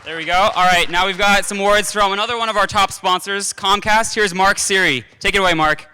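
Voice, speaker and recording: A man emceeing an awards segment, brisk and businesslike. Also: high voice, bright, forceful tone, smooth, in a large hall, some chatter behind. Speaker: event organizer and emcee.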